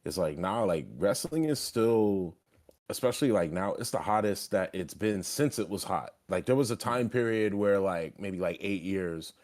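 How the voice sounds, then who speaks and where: A man's voice: fairly low pitch, lively intonation, moderate pace, a little mellow. A young man streaming and chatting casually, talking loosely with lots of filler "like" and plenty of swearing. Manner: loose, profane, heavy on filler "like". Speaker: streamer and wrestling trainee.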